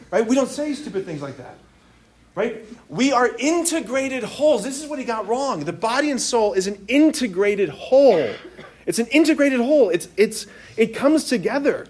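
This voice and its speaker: A priest giving a lively, joking talk to teenagers in a room, often stopping to ask the audience questions. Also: male voice, very high-pitched, normal speed. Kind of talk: interactive talk to teens. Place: room with a live youth audience.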